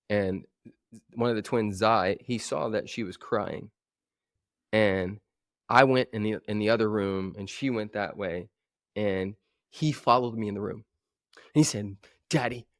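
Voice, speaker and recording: A man in his forties, a coach talking as a guest in a podcast interview, telling stories with animated energy and acting out other voices. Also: on the low side, measured pace, long pauses, no echo, studio quality. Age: 40s. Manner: animated storyteller who acts out voices.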